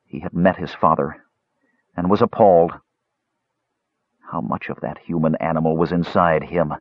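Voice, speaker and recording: A man narrating a fantasy story in a dramatic, expressive reading. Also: low voice, normal speed, no room sound, phone-quality sound. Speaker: audiobook narrator.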